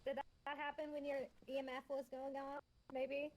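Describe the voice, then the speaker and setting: A woman chatting playfully with friends while playing a game online, quick to laugh. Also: sits high, flat delivery, a little mellow. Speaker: gamer on a group stream. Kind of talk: casual gaming chat.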